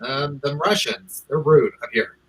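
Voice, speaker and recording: Blunt, bright-voiced man, husky edge. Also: mid-range voice, unhurried, rough recording. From Southern California. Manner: blunt, profane, outspoken. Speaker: livestream guest. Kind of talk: casual chat.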